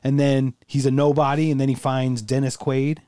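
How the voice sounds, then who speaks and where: A man's voice: mid-range voice, flat delivery, normal speed, warm tone, clean tone, no room sound, clean studio sound. A man co-hosting a casual podcast, chatting in profane, laughing banter about movies. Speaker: podcast co-host. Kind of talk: casual chat.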